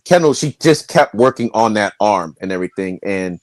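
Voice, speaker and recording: A low-voiced man chats loosely about a match as a panel guest, filling his thoughts with ums. His voice sounds dry and close, with no room sound around it. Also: normal speed, few pauses, dry recording. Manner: relaxed, lots of ums. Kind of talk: casual chat.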